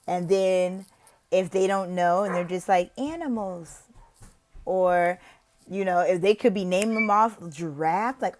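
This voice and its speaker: A woman talks through tips for an online teaching interview in a chatty way, full of "like" and "you know." Her pitch swings widely. When she demonstrates, she slips into an exaggerated, gasping teacher voice with drawn-out questions. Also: lively intonation, a little mellow. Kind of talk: casual tutorial with demo teaching.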